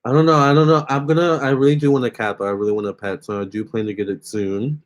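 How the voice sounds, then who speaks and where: A man's voice: medium pitch, level tone, quick pace. A young man hosting a casual phone livestream, chatting with viewers and reading their comments aloud. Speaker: livestream host.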